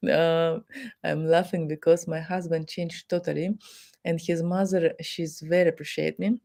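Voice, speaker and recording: A woman with a Russian accent speaks as a therapist giving advice in plain, simple non-native English. Her voice is mellow and warm, and she talks straight to her listeners. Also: low-pitched, little pitch movement, a little slow, gravelly. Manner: non-native English with simple grammar, acts out quoted dialogue. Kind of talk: advice talk to the camera.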